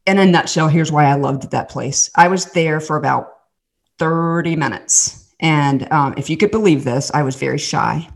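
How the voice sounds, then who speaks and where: A woman with a notably low, deep speaking voice, sharing a candid personal testimony as a podcast guest. She tells her story in an animated way, circling back and restarting her sentences and adding asides as she goes. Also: moderate pace, gravelly. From Southern United States.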